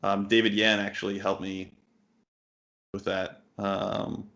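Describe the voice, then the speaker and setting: A man's voice: fairly low pitch, monotone, slow pace, creaky, a bit bright. A man in his thirties, a poker coach, answering interview questions bluntly, swearing casually and full of fillers and restarts. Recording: muffled lo-fi audio.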